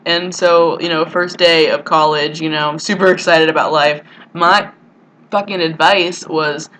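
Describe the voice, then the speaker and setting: A woman's voice: sits low, steady tone, normal speed, a bit bright, low-quality recording. Young woman, casual vlogger, crude rambling self-mockery, slight background hiss. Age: young adult. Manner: rambling, crude and self-mocking, full of "like" and "you know". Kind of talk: casual vlog monologue. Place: college dorm room.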